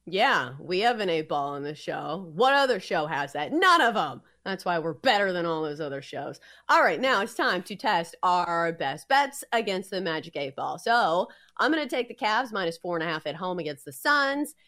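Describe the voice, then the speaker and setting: Woman, sports betting co-host, chatty and teasing, pitch bouncing up and down. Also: very animated, moderate pace, few pauses, a bit bright. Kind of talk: casual sports betting chat.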